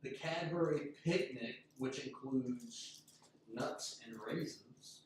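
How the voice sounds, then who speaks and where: A man's voice: medium pitch, slow pace. An American man hosting a casual group snack chat, upbeat and reading product names aloud, recorded from a distance in an echoey room. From United States. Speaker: show host. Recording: echoey room, distant mic, faint noise.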